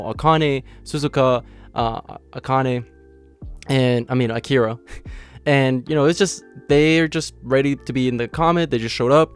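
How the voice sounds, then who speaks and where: A man hosts his own channel with a hoarse, raspy voice worn down by illness. He stays cheerful and chatty, sitting at an ordinary middle pitch and leaning on loose filler words as he walks through a manga chapter. Soft music plays faintly behind him. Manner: upbeat and chatty, full of "you know" fillers and laughs. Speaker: anime channel host. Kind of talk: casual manga chapter review.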